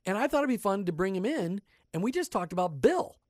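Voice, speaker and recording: A man's voice: sits high, very animated, brisk, a little mellow, dry recording. A man co-hosting a faith and business radio show, joking and rambling in casual studio chat. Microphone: studio microphone.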